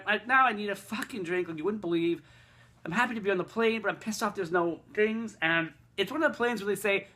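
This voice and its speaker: A man vlogging a casual, rambling rant, swearing heavily and excitably. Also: high-pitched.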